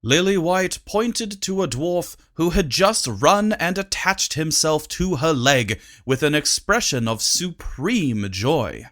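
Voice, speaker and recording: A narrator reads a comic storybook in a steady, mid-pitched voice. The delivery is slow and deliberate, and each line is given room. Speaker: audiobook narrator.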